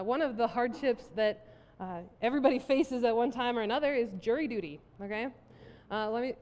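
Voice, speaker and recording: High-pitched woman pastor, animated storyteller, long church reverb. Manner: animated storytelling, laughing at herself. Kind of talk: sermon with personal story. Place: church sanctuary.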